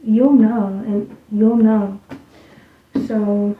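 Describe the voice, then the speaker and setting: A woman giving a casual spiritual card reading, rambling loosely and dropping into soft muttered asides. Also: mid-range voice, steady tone, very slow. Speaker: tarot reader. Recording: tinny, phone-like sound in an echoey room.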